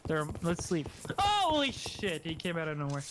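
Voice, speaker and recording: A man's voice: fairly high pitch, flat delivery, fast talker, background noise. A man playing a game with friends, dramatic and complaining, laughing often. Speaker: co-player. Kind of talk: casual gaming chat.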